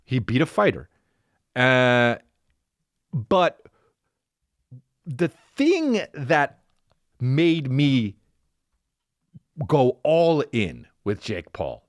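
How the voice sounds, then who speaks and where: On his podcast, a man tells a story in a casual comedic rant that's profane, rambling, and full of restarts. His medium-pitched voice swoops wildly and moves extremely slowly with frequent pauses, captured in studio quality with no echo in a podcast studio.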